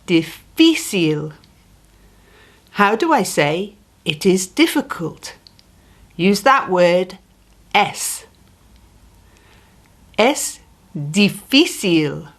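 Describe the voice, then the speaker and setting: A woman teaching a beginner language lesson, saying phrases slowly and patiently and repeating them clearly. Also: fairly low pitch, fairly bright tone. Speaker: Spanish teacher.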